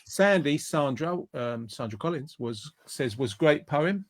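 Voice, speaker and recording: Speaking slowly and expressively in a fairly high voice, a man hosts an online show over video call. He chats casually through viewer comments, rambling and restarting his sentences often.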